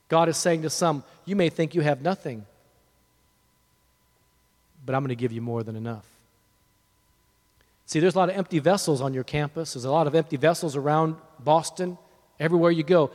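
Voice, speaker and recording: A man preaching a sermon, building from quiet storytelling to fervent, near-shouted declarations. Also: a little high. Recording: long hall reverb.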